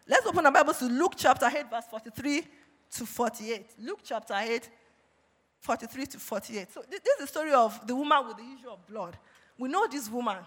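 Preacher reading bible verses, keeps saying praise the living jesus, mid pitch, long hall echo. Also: fairly bright tone. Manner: punctuates with repeated praise calls, reads scripture aloud. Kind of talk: sermon. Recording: long reverb of a large hall.

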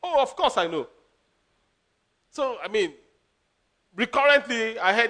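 A man preaching a sermon as a pastor, animated, laughing and acting out quotes. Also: very high-pitched, a little slow, pauses often.

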